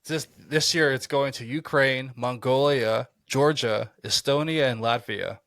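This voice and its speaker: A man's voice: medium pitch, a little slow, vocal fry, a bit bright, dry recording, studio quality. A man on a podcast in casual chat, laid back and asking the others questions. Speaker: podcast co-host.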